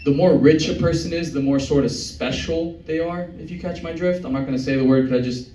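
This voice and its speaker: A young man performing a stand-up set in a comedy club, with a deadpan, meandering delivery. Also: fairly high pitch, a little fast. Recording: echoey club from far off.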